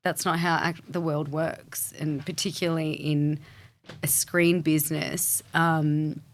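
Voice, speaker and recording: A low-pitched woman with an Australian accent, speaking as an interview guest. She talks candidly and reflectively, her thoughts flowing in long runs with "you know" and "um" woven through. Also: level tone, slow pace. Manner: thoughtful, candid, fluid with frequent fillers.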